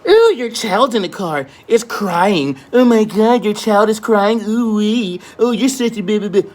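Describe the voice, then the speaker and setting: A high, whiny, fussing scold who gasps and fusses over every little thing, as a man mimics him. The voice is pushed well above the speaker's usual pitch and sounds a bit farther from the mic, all exaggerated mockery. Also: expressive, a little slow, a little mellow. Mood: mocking. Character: shrill fussing critic mocking a parent.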